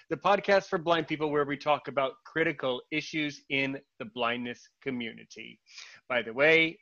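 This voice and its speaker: A man's voice: on the high side, unhurried, bright, forceful tone, lo-fi sound. A man hosting a podcast, greeting listeners in an enthusiastic, playful manner. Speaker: podcast host. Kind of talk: casual podcast chat.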